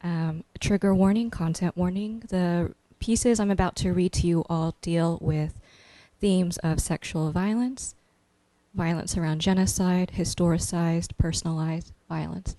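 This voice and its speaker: Young woman poet, chatty and playful, low-ish mellow voice, dry sound. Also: fairly even intonation, no echo, low-quality recording. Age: young adult. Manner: playful and talkative between slow deliberate readings. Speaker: poet reading her work. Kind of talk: poetry reading with chatty asides.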